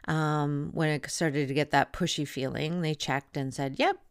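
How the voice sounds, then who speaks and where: A woman's voice: sits low, steady tone, unhurried, clean tone, no echo, clean studio sound. A woman in her thirties, a doula hosting a podcast, telling her own birth story in a candid, chatty and blunt way. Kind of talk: casual personal storytelling.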